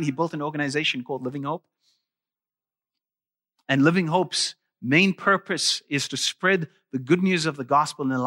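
A man's voice: fairly high pitch, sharp tone. A man preaching a sermon to his congregation, emphatic and full of rising questions.

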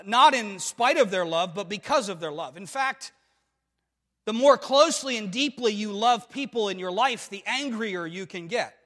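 A man's voice: sits high, fairly bright tone, big-room sound. A man preaching a sermon, emphatic and full of rhetorical questions to the congregation. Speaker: pastor.

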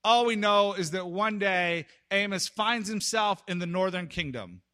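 Bright-voiced man preaching with dramatic swings. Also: sits high, expressive. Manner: dramatic, swings between loud outbursts and hushed pauses. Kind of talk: sermon storytelling.

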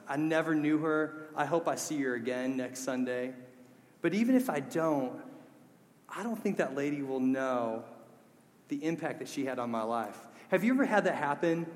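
A man's voice: a little high, long reverb tail. A man preaching a sermon, earnest and conversational, mixing scripture with personal stories. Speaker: pastor.

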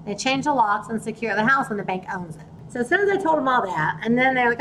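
A woman's voice: a little high, lively intonation, a little fast, hardly any pauses, slight background noise, low-quality recording. Chatty woman. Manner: chatty, retells conversations in quoted voices. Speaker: podcast host and real estate investor. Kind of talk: casual storytelling.

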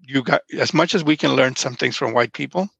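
A man's voice: mid-range voice, brisk, vocal fry, fairly bright tone, breathy edge, no echo. A man in his fifties from Nigeria, a podcast guest telling rambling stories in casual conversation. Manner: rambling storyteller, frequent restarts.

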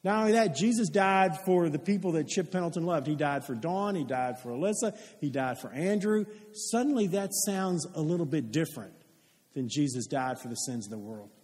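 High-voiced man preaching in a reverberant hall. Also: animated, normal speed, a little mellow. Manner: earnest storytelling, asks the congregation questions. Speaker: pastor. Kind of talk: sermon with storytelling.

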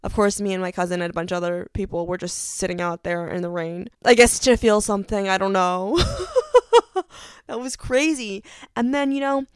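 A woman's voice: mid-range voice, fairly even intonation, a little fast, smooth, no echo, studio quality. A young woman hosting her own podcast, telling a story in bubbly, gushing casual chat full of fillers. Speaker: podcast host.

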